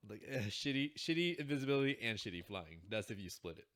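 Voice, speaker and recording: A young man chatting casually as a podcast co-host. His pitch rises and falls in lively swings, and he jokes and laughs a lot while teasing his friend. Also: fast talker. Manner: joking, laughs often, playful teasing. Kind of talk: casual chat.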